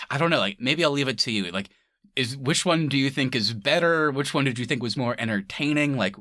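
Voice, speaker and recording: A man's voice: medium pitch, animated, a little fast, bright, forceful tone, dry recording, clean studio sound. A man co-hosting a casual movie-review podcast, laughing often and swearing freely as he chats. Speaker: podcast co-host.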